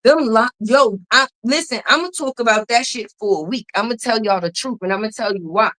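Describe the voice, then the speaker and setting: A woman with a high, bright-pitched voice dishing out casual gossip commentary. She is sassy and emphatic, dropping drawn-out mm-hmms between points. She is blunt and swears freely. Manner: blunt and profane. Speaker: commentary channel host.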